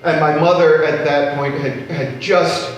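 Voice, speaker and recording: A man's voice: on the high side, level tone, measured pace. A middle-aged man doing stand-up storytelling on a live stage, with a dry, wry, self-deprecating delivery. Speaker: stand-up comedian. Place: live comedy stage with audience. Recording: very echoey room, distant mic, faint noise.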